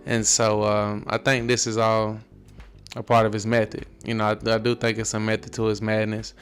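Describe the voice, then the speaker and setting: A man's voice: on the low side, monotone, normal speed, faint music behind. A man hosting a reaction commentary, talking in a laid-back drawl and often ending lines with "man". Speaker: commentary channel host.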